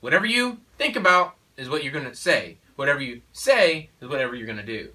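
With big pitch swings and a slightly fast pace, this fairly high, pushed, bright male voice belongs to a father of four sharing parenting views. His casual conversation is emphatic and preachy, full of "you know" and "okay?". Poor audio from a distant mic.

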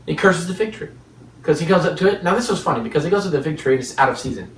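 A man's voice: fairly high pitch, lively intonation, racing, slight background noise. A man preaching a sermon, telling stories with rhetorical questions and chuckles between points. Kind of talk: sermon with storytelling. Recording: echoey room, distant mic.

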